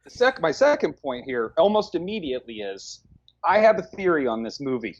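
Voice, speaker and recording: A man's voice: on the high side, sing-song, brisk, lo-fi sound. A man with a Midwestern accent, co-hosting a casual movie review chat with wry, profane jokes. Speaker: podcast co-host.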